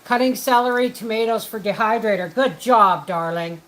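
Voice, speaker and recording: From her home kitchen, a woman hosts a homestead livestream, chatting casually while she cooks and greeting viewers by name. Her voice is a little high and fairly bright, and she talks at a moderate pace. The audio quality is poor.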